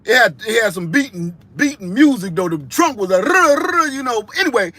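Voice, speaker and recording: Rambling male bystander, done by a man, wandering off track, filler-heavy, higher-pitched. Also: very animated, fairly quick, sharp tone, heavily acted.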